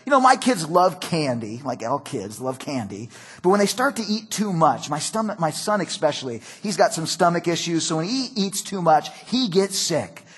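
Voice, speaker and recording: A man's voice: on the high side, very animated, moderate pace, slightly rough. A middle-aged male pastor preaching a sermon in a conversational, storytelling way. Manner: conversational, storytelling with acted quotes.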